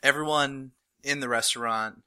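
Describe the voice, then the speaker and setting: A man from North Carolina chatting casually as a podcast co-host, rambling and animated, with laughing outbursts. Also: mid-range voice, normal speed, clean tone. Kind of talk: casual chat.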